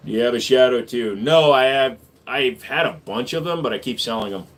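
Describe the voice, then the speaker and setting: A man's voice: mid-range voice, fairly quick. Joking man answering chat on a stream. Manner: joking, offhand, reads viewer questions aloud. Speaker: livestream host answering chat. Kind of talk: casual livestream chat.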